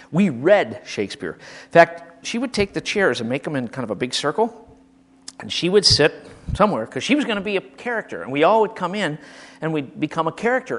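A man from Michigan spinning funny stories about his school days. His voice sits a bit high for a man and swings lively up and down as he acts things out, with frequent restarts. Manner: animated, comic, acts out quotes, frequent restarts. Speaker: storyteller recalling school teachers. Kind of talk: casual anecdotal storytelling.

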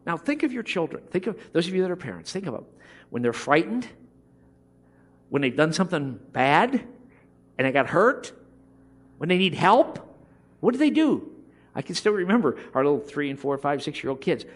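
A middle-aged man delivers a passionate sermon. His voice sits high for a man and ranges widely as he builds to emphatic points. He acts out the voices of people he quotes along the way. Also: big pitch swings, normal speed, long pauses. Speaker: preacher.

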